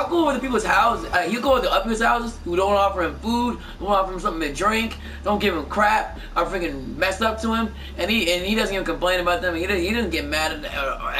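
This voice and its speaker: A gameplay streamer chats casually while gaming, telling rambling stories that stumble and restart often. His voice is high and sharp, fairly quick, with few pauses. The mic sits at a distance and picks up background noise.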